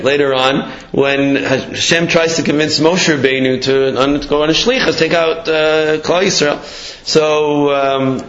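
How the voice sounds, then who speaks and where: Guy telling a torah story kinda loose, a bit high voice, echoey dull recording. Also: fairly bright tone. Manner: storytelling, mixes Hebrew and Yiddish terms, many fillers. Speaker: Torah teacher. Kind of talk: casual Torah talk.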